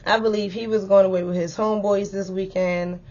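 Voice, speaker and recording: A young woman chatting through a storytime vlog, animated and full of fillers, on a dull lo-fi recording. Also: mid-range voice, brisk. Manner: chatty and animated, filler-heavy, lively retelling.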